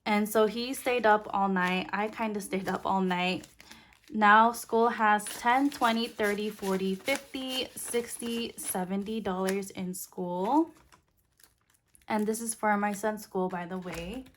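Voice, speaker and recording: Young mom vlogger, slow easy voice, counting bills out loud between story bits. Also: female voice, medium pitch, slight background noise. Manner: soft, unhurried, counting bills aloud. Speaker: budgeting vlogger. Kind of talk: casual storytelling while counting cash.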